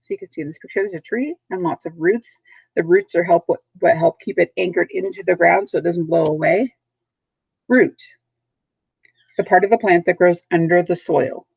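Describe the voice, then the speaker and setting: A woman teacher giving a recorded vocabulary lesson, speaking patiently and clearly, repeating and spelling out words, recorded at home. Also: lowish voice, normal speed, a little mellow, dry recording, low-quality recording. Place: at home, dogs nearby.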